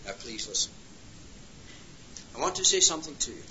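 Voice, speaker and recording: A preacher delivering an impassioned sermon, swinging between hushed and loud passages. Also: male voice, on the high side, very animated, brisk, slight background noise. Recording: lo-fi roomy hall recording.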